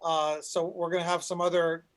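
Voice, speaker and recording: High-voiced rambling male panel host. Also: flat delivery, moderate pace. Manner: rambling with frequent restarts. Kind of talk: online panel moderation.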